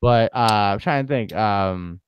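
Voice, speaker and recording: Playful joking man, smooth voice. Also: lowish voice, unhurried, no room sound. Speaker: podcast co-host. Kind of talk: casual chat.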